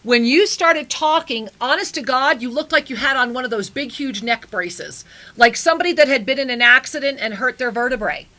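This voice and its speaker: A woman's voice: high-pitched, expressive, brisk, sharp tone. A woman hosting a spiritual call-in radio show, giving soul readings in an effusive, endearing way. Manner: effusive, endearing, calls callers angel and honey.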